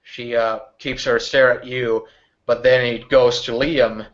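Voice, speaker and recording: A man's voice: medium pitch, flat delivery, slow pace. A man acting as game master, narrating a tabletop game in a rambling way full of hedges and restarts. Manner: rambling, many fillers and restarts. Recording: dull lo-fi recording.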